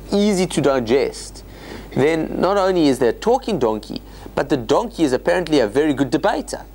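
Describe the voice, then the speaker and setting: Rabbi guy giving a bible class, pitch jumps all over, jokey and chatty. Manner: animated, joking asides. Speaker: rabbi teaching Torah study. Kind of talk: informal Bible lecture.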